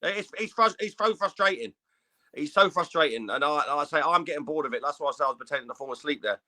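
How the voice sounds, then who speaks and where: A man's voice: fairly high pitch, animated, fast, bright, forceful tone. A man co-hosting a casual boxing podcast, sounding fed up, stammering and swearing. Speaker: podcast co-host.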